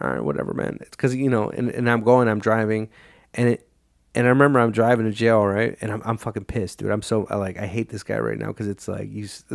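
A man's voice: lowish voice, gravelly, no echo, clean studio sound. A young man hosting a podcast, telling a rambling, profane story in casual chat and quoting himself and others along the way. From Illinois, United States. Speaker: podcast host.

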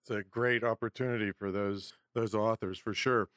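Bright-voiced man hosting a podcast. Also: fairly low pitch, steady tone, normal speed, dry recording, clean studio sound. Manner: friendly, laughs easily. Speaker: podcast host. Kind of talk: casual interview chat.

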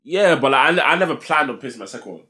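A man's voice: medium pitch, lively intonation, fast, pushed and bright, slightly rough. A young man, telling a story in a laid-back way as a podcast co-host and tagging "innit" onto his sentences. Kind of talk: casual chat, storytelling.

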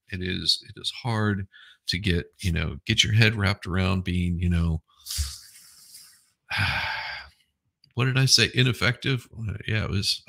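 Host read: middle-aged man, low gravelly voice, bright edge, dry close sound. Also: no echo. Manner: rambling, blunt, swears, lots of restarts. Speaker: livestream host reading chat. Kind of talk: casual live chat commentary.

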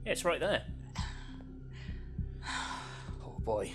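A man's voice: on the high side, big pitch swings, very slow, music in the background. Jokey man with a wildly swinging voice. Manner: jokey, self-mocking. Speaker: game reviewer co-host. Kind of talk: casual let's-play commentary.

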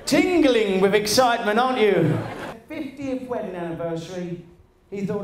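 High-voiced comedian in an echoey hall. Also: male voice, lively intonation, moderate pace, distant mic. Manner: storytelling, punchy. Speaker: vocal comedian. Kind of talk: stand-up comedy.

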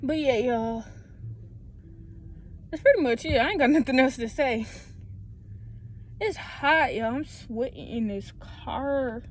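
A high-pitched young woman talks straight into her phone, loose and slangy, calling her viewers y'all. There's a faint hum of outdoor noise behind her voice. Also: lively intonation, slow pace, long pauses. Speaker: vlogger. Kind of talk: casual vlog talk to camera. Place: in and around a parked car and stores. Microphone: phone held in hand.

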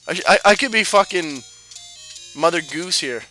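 A man giving profane, excitable, self-mocking commentary while playing through a video game. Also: high voice, normal speed, soft background music. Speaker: let's play host. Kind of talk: let's play commentary.

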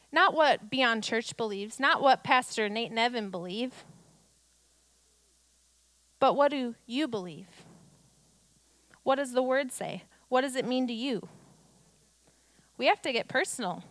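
A woman's voice: sits high, lively intonation, normal speed, long pauses, a bit bright, no room sound. A woman pastor delivering a conversational sermon, reading scripture and building to emphatic declarations.

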